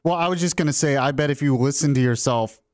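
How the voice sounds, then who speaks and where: A man's voice: medium pitch, quick pace, no room sound. A man co-hosting a radio talk show, making brief, dry, teasing remarks in casual chat. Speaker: radio co-host.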